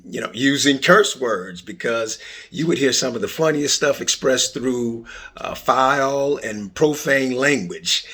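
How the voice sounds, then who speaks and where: A middle-aged man hosting a casual solo podcast, telling stories with loud bursts and quiet asides. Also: mid-range voice, slightly rough. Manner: animated storytelling, swings between loud bursts and quiet asides. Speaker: podcast host.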